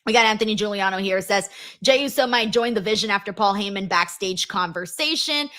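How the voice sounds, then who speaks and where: A woman's voice: medium pitch, fairly quick, bright, forceful tone. A woman hosting a casual live stream, reading viewer comments aloud and reacting with emotional, swearing chatter. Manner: emotional, swears, reads chat messages aloud.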